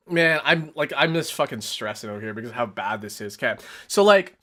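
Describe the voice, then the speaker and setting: A man hosting a casual live stream, animated and exasperated, who swears often and keeps laughing mid-sentence. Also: medium pitch, moderate pace. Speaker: streamer host.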